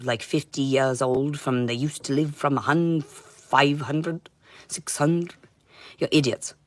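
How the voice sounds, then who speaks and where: A woman streaming a rambling monologue, intense and profane, swinging between shouting and muttering. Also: very deep voice, no room sound. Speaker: livestreamer.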